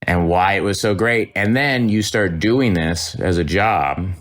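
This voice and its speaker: A middle-aged actor and comedian telling stories in casual chat, rambling with restarts and laughter. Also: male voice, deep voice, unhurried, fairly bright tone.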